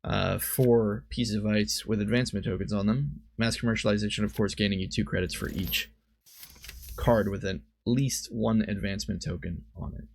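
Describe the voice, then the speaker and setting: A man's voice: lowish voice, fairly even intonation, normal speed, vocal fry, slightly rough, no room sound. A man giving casual commentary on a card game, thinking aloud and often stopping to correct himself. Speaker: streamer and commentator.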